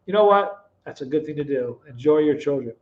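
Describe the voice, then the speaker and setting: A middle-aged man hosting a live stream, reading chat comments aloud, teasing viewers by name and telling stories in a relaxed, chatty way. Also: on the high side, brisk, dull audio. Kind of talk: casual chat.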